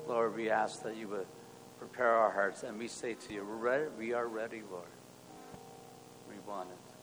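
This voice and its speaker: A male pastor leading an earnest spoken prayer, moving between hushed and loud passages. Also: mid-range voice. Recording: long hall reverb, soft music.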